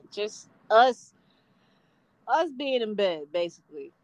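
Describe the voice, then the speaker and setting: A woman's voice: fairly high pitch, very animated, slow, no echo, poor audio. A woman co-hosting a podcast, talking in a blunt, profane, emphatic way during a casual chat. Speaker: podcast co-host.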